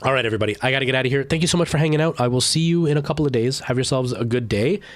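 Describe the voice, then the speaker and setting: A man's voice: medium pitch, very fast, no echo. A man in his thirties, a streamer casually chatting to his viewers in a rambling way, full of fillers and restarts. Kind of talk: casual chat with live chat.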